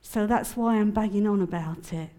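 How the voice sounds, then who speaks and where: A woman's voice: mid-range voice, normal speed, warm tone. A middle-aged woman gives an emotional, testimony-style sermon at a prayer conference, often laughing as she speaks.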